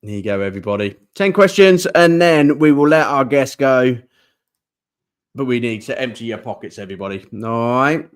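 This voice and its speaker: A man's voice: medium pitch, animated, moderate pace, smooth. Chatty man hosting a podcast. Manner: chatty, laughing, mimics accents. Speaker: podcast host. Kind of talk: casual chat.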